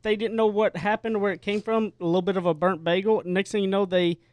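A man with a fairly high voice hosts a casual radio talk show. He talks in a chatty, emphatic way. The studio sound is dry and close. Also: fairly even intonation, fast talker, clear, resonant tone, no room sound.

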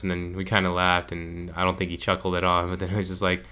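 Deep-voiced man telling a travel story. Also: fast talker, clean tone. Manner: rambling, animated retelling with acted quotes. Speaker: podcast co-host. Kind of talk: casual storytelling chat.

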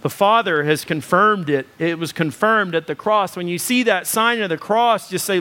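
A man's voice: high-pitched, normal speed, hardly any pauses, bright, forceful tone. A male pastor preaching a sermon in a conversational style with many fillers, building to emphatic repeated lists.

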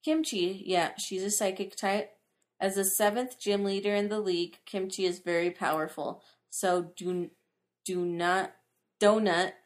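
A woman's voice: medium pitch, fairly even intonation, measured pace. A young woman co-hosting a podcast, chatting casually in a giggly, playful way. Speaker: podcast co-host. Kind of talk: casual chat.

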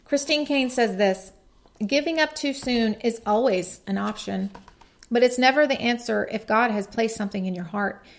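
A woman's voice: fairly high pitch, moderate pace. A woman giving a devotional message in an earnest, reflective way, reading quotes aloud. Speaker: podcast speaker.

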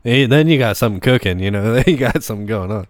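A man's voice: fairly low pitch, animated, quick pace, no echo. A man co-hosting a podcast, rambling through ideas in casual chat and laughing often. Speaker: podcast co-host.

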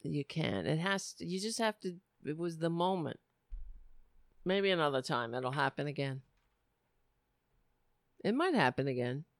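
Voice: medium pitch, animated, a little slow, long pauses, no room sound, studio quality. A host of a political commentary livestream, reacting to a clip in a rambling, profane and mocking way.

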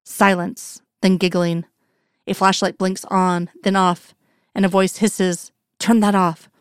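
A woman reading a story aloud in an even, measured narration. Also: on the low side, clear, resonant tone, no room sound, clean studio sound. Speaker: reader. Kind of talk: storytelling narration of fan fiction.

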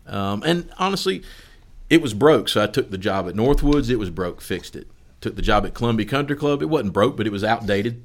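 Middle-aged guy rambling through work stories, lowish voice, acts out the quotes. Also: a little fast. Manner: laughs through his stories, animated quoting. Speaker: golf course superintendent. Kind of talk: casual storytelling chat.

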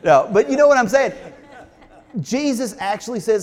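A man's voice: very high-pitched, lively intonation, normal speed, in a large hall. A man preaching a sermon in a church, talking conversationally and asking the congregation questions. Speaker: pastor. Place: church sanctuary.

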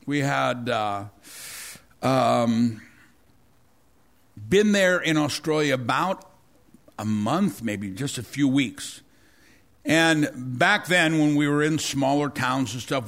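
Middle-aged pastor preaching with halting restarts. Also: male voice, medium pitch. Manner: rambling, repeats words, stammers and restarts when excited. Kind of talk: sermon with personal storytelling.

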